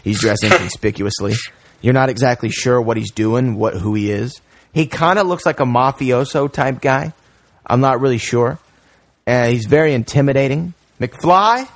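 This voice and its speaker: Male podcast host, casual film chat, animated retelling, mid pitch, dry sound. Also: moderate pace, no room sound. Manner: animated retelling, many fillers.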